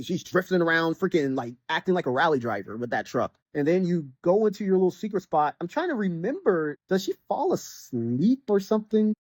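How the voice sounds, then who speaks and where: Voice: medium pitch, a little mellow, no room sound. A podcast host giving a casual, rambling critique of a game, full of restarts and constant "like" fillers. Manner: rambling, heavy use of "like", frequent restarts. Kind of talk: casual game review rant.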